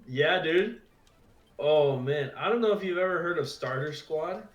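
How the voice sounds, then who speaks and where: A young man co-hosting a casual game stream, telling stories and slipping into quick character voices. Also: a little high, roomy sound, muffled recording. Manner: animated storyteller, does quick character voices. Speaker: gaming co-host. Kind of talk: casual chat over gameplay.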